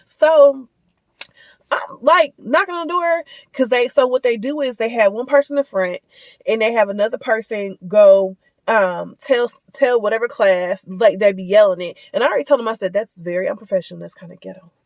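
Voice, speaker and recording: A woman's voice: on the high side, normal speed, no room sound. A woman telling a personal story in a casual, heated rant, indignant and repeating herself as she retells it. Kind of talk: casual ranting vlog.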